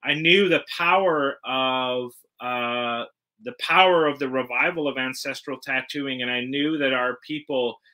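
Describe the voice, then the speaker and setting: A man from Canada giving an earnest, measured curator's talk, often pausing on "uh". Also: mid-range voice, bright, forceful tone. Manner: earnest, measured, frequent "uh" fillers. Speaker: guest curator.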